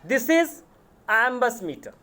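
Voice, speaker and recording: A man with an Indian accent, a college English lecturer giving a lecture, speaking deliberately, repeating terms and spelling words out letter by letter. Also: very high voice, big pitch swings, bright, forceful tone. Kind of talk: classroom lecture on poetic meter.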